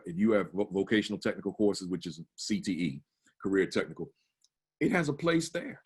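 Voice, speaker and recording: A man's voice: deep voice, breathy edge. A man giving a staff orientation talk, earnest and full of rhetorical questions, often repeating his words as he goes. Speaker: school administrator leading staff training.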